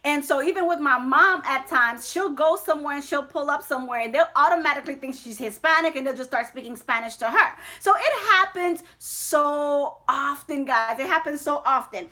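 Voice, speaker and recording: A woman hosting a casual chat, telling stories in an animated way with many fillers. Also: high-pitched, normal speed, hardly any pauses. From Haitian family. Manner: animated storytelling, lots of fillers. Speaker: host.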